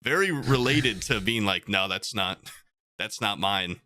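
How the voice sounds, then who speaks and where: A young man on a casual podcast, telling rambling stories and laughing through his own punchlines. His pitch jumps around a lot and his tone is bright and forceful. The sound is close and dry, with almost no room echo. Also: animated, a little slow. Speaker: podcast co-host. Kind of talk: casual chat.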